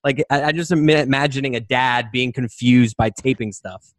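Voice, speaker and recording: A man's voice: medium pitch, moderate pace, dry recording. A man hosting a podcast, asking the guest loose, chuckling questions in casual chat.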